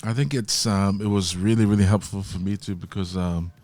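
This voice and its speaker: Guest, middle-aged man, low voice, sincere and reflective, casual tone; faint music bed. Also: fairly even intonation, brisk, a little mellow, no room sound. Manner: earnest, reflective, keeps saying "you know what I mean". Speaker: podcast guest, worship singer. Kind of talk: casual chat. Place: podcast studio.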